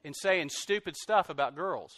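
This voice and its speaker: A middle-aged man preaching a sermon, animated, swinging from loud outbursts to soft, confessional lines. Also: fairly high pitch, moderate pace. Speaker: pastor.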